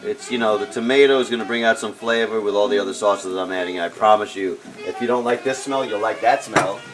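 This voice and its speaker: A man hosting a casual live cooking show at home, joking and shouting catchphrases. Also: fairly low pitch, brisk, music in the background, poor audio. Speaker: home cook host. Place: home kitchen with pan sizzling.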